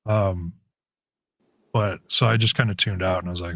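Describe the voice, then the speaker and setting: Deep-voiced man telling stories. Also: a little fast, pauses often, no room sound. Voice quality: raspy. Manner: animated storyteller, acts out quoted lines. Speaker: guest. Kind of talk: casual storytelling in an interview.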